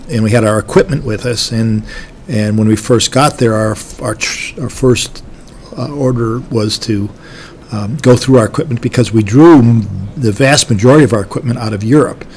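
A man's voice: on the low side, a little hiss or hum. An older army veteran gives an oral history recollection of his service, talking in a folksy, rambling way with many restarts.

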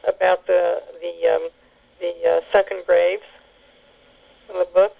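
A woman telling family memories in an oral history interview, halting with many fillers and restarts. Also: lowish voice, level tone, vocal fry. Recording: tinny phone line.

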